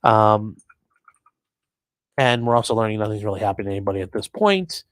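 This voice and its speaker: This man speaks a little fast in a lowish voice, recorded without echo. As a livestream host, he reads viewer comments aloud and tosses off crude jokes about the news.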